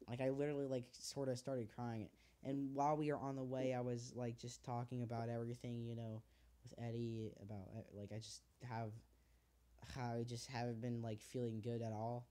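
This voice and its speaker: Rambling teenage guy, mellow voice. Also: mid-range voice, flat delivery, moderate pace. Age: teens. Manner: rambling, heartfelt, swears freely with many fillers. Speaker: podcast host. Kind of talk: casual chat.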